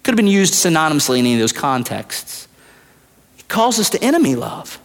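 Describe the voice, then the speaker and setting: A man preaching a sermon as pastor, swinging from loud high retellings to hushed low asides. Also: very animated, brisk. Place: large church hall. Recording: long hall reverb, at times far from the mic.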